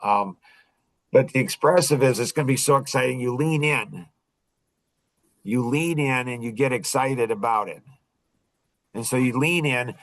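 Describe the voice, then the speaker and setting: A man teaching sales technique in a casual, animated way, acting out what to say to customers, with frequent restarts. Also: mid-range voice, no echo, poor audio. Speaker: sales coach.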